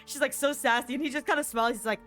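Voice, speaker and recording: A woman's voice: sits high, fairly even intonation, very fast, a bit bright, soft background music. A woman streamer chatting casually as she plays, rambling and giggling with plenty of fillers. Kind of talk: casual chat while gaming.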